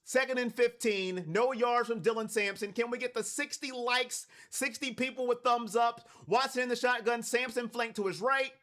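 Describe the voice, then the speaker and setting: A man's voice: very high-pitched, fairly even intonation, moderate pace, few pauses. A man from Cleveland hosting a live watch party stream, calling plays and talking to his chat. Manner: hypes chat, shouts on big plays.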